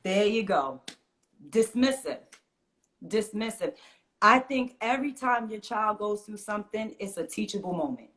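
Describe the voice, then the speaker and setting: Middle-aged woman chatting earnestly, gets animated and acts out quotes, mid pitch. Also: moderate pace, hardly any pauses. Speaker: guest, fitness teacher and mother. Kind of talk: conversational interview.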